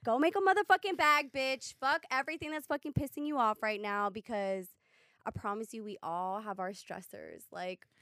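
A woman's voice: mid-range voice, normal speed, fairly bright tone, dry recording, studio quality. A young woman co-hosting a podcast, talking bluntly and emphatically, with heavy swearing, as she gives advice. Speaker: podcast co-host. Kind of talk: casual chat, giving advice.

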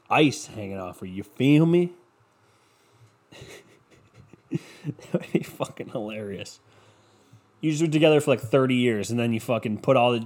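A man's voice: mid-range voice, darkish tone, husky. A man rambling through a casual solo monologue at home, swearing often and putting himself down. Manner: rambling, profane, self-deprecating.

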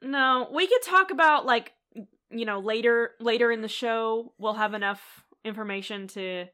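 Giggly woman recapping a show, bright voice. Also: on the high side, clean tone. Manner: giggly, quick, animated retelling. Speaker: podcast co-host. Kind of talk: casual chat recapping a TV episode.

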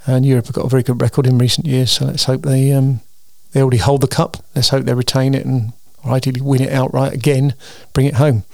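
Male host, tired, gravelly voice, dry close sound, loose rambling monologue. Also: mid-range voice, little pitch movement, fast talker, hardly any pauses, a little mellow, no echo. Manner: chatty, meandering, with frequent ums and restarts. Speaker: host of a weekly solo show.

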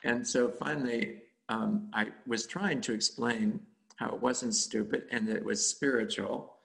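Gravelly-voiced man giving a rambling dharma talk. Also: medium pitch, steady tone, unhurried, fairly bright tone. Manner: rambling, chuckling, conversational. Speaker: meditation teacher.

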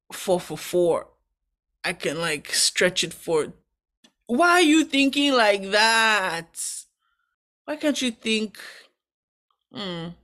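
A young woman delivering a relaxed devotional message in an animated, exclamatory way. Her voice sits in a middle pitch, and she often breaks into bursts of praise between her points. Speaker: devotional speaker. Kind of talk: casual devotional sermon.

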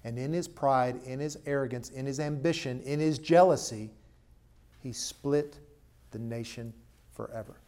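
A male pastor preaching a sermon at a church service and then leading a prayer. He talks emphatically, pushing his voice up for stress, dropping to an earnest hush, and putting questions to the congregation. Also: mid-range voice, measured pace.

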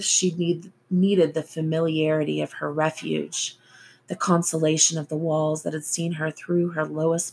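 A woman narrating a novel as an audiobook reader, in a slow, even storytelling manner. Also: sits low, gravelly, slightly rough.

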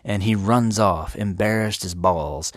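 Deep-voiced guy swearing his way through an old story, dry close sound. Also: unhurried, no echo. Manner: profane, irreverent, laid-back. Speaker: host. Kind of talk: comedic book retelling.

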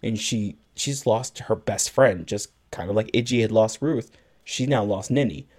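A man's voice: fairly low pitch, moderate pace, a little mellow. A man co-hosting a podcast, retelling a film's plot at length and acting out bits of its dialogue in casual chat. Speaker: podcast co-host. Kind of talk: casual movie recap chat.

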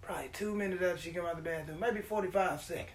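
A man hosting a podcast, telling a story in a casual, profane, animated way and acting out the quotes. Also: sits high, racing, a little hiss or hum. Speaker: podcast host.

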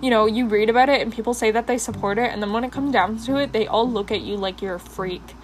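A woman's voice: fairly high pitch, fast talker, slight background noise, low-quality recording. A young woman hosting a personal podcast, talking with passion and rambling with many fillers while doing her makeup. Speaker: podcast host.

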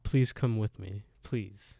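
A man's voice: on the low side, takes it slowly, creaky, a little mellow, no room sound. A man voicing a frightened young woman on the run, speaking bluntly and with panic. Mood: scared.

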